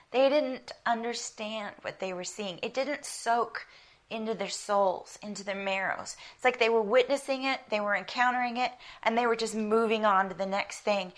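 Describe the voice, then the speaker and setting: A woman preaching a conversational sermon. She tells stories with animation, laughs lightly as she talks, and drops to a soft whisper for emphasis. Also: medium pitch. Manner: laughs lightly while speaking. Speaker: women's Bible teacher.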